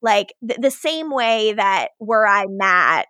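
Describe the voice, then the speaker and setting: A woman's voice: medium pitch, no echo, studio quality. A woman co-hosting a podcast, retelling TV scenes in casual chat and acting out the characters' lines. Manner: animated retelling with quick acted-out quotes. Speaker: podcast co-host.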